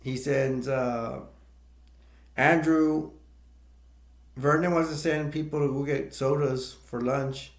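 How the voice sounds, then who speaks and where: Gravelly man rambling through a plot recap. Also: medium pitch, steady tone, slow pace, long pauses. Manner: rambling, laughs between points. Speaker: movie reviewer. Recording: echoey room.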